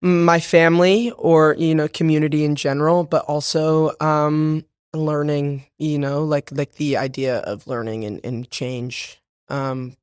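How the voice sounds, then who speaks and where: A man's voice: a little high, level tone, measured pace, smooth, dry recording, studio quality. Chatty young man, slight Boston accent. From Boston, USA. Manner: chatty, laughs often, many fillers and restarts. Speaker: guest, stage actor. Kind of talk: casual interview chat.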